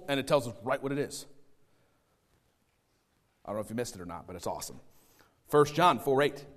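A man preaching a sermon, swinging between loud stressed phrases and quiet asides. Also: a little high, long reverb tail. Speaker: pastor.

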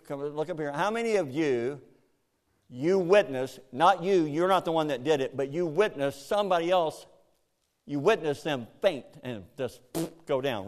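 A man preaching a sermon to a congregation, animated, jumping into loud, high acted-out voices. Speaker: pastor.

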